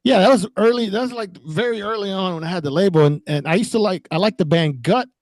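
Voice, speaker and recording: A man from Texas, a guest on a video call, telling stories in a profane, animated way. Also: sits high, quick pace, no room sound. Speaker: guest, former record label owner. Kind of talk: casual chat on a video call.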